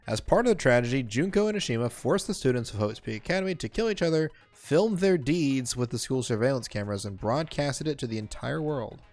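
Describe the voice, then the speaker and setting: A man's voice: medium pitch, expressive, a little fast, hardly any pauses, darkish tone, soft background music. A man streaming a game live, reading the game's text aloud and chatting casually between lines with lots of fillers. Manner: casual, rambling, many fillers.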